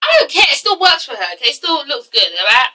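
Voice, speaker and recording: A woman's voice: high voice, very animated, quick pace, bright, forceful tone, far from the mic, rough recording. A young woman with an English accent giving a blunt, sassy review, swearing freely and tagging "okay?" onto her points. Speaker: vlogger reviewing a reality show. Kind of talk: casual sassy commentary.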